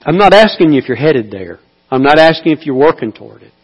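A man preaching a sermon, moving between slow, hushed appeals and loud, pleading cries. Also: on the high side, big pitch swings, breathy edge. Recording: dull sound with long hall reverb.

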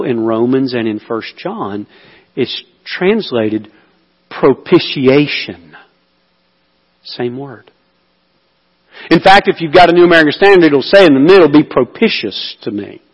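A man preaching a sermon as pastor, swinging between loud emphatic passages and hushed whispers. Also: on the high side, breathy edge. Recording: reverberant hall.

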